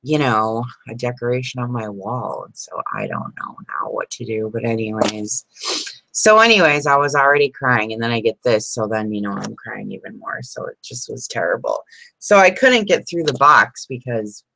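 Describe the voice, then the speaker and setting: A woman's voice: a bass voice, big pitch swings, moderate pace, vocal fry, fairly bright tone, no room sound, poor audio. Chatty rambling woman crafter. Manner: rambling, chatty, laughs often. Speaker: crafting vlogger. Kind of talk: casual live-stream chat.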